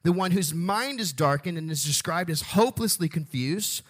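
A male pastor preaching a sermon, emphatic, leading call-and-response and slowing down on stressed phrases. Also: a little high, expressive. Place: church sanctuary.

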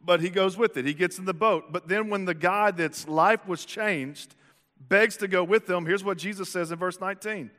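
A man's voice: sits high, moderate pace, pushed and bright. A man preaching a sermon as a pastor in a church, telling stories animatedly and asking rhetorical questions. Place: church sanctuary. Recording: reverberant church hall.

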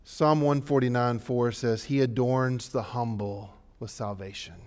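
A male pastor preaching a sermon, swinging from hushed, low passages to loud, rising exhortations. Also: steady tone, a little slow.

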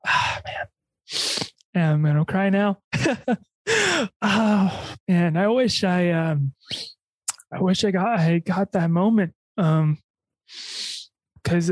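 A young woman chats casually as a podcast host, her voice sitting a little low. She rambles, restarting sentences and leaning on fillers. Her voice sounds close and dry, with no room around it. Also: darkish tone, no echo.

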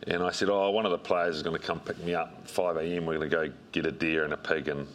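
Very deep-voiced New man, relaxed. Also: quick pace, a little hiss or hum. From New Zealand. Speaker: strength and conditioning coach, guest. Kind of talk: interview storytelling.

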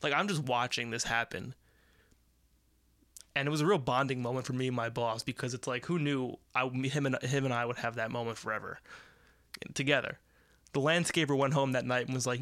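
A man's voice: medium pitch, fairly quick, fairly bright tone, dry recording, studio quality. A young American man hosting a podcast, telling a rambling, profane story about his job while sick. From United States. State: sick with covid. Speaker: podcast host. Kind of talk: casual storytelling monologue.

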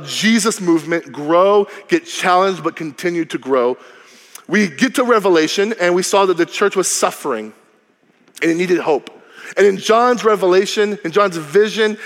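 A man preaching a sermon as a pastor, lively and humorous, dropping to a low hush for emphasis. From Cuban heritage. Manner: lively, humorous, varies volume widely, drops low for emphasis. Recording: long reverb of a large hall.

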